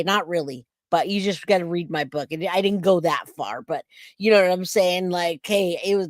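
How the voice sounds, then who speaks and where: Reading out chat comments and joking with her viewers, a forties-aged woman hosts a casual live reaction stream in a lowish voice. The sound is clean studio quality with no echo.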